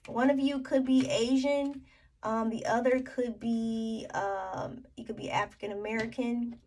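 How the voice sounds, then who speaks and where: A woman's voice: a little high, far from the mic, slight background noise, low-quality recording. A woman giving a tarot reading to her viewers, thinking aloud with many fillers and restarts. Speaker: tarot reader.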